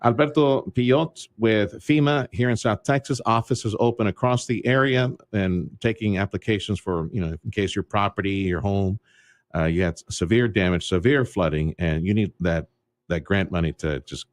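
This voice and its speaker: A man's voice: fairly low pitch, normal speed, no room sound, clean studio sound. A man hosting a morning radio show, chatting casually with a guest, repeating key points for listeners and tossing in jokey asides. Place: radio studio.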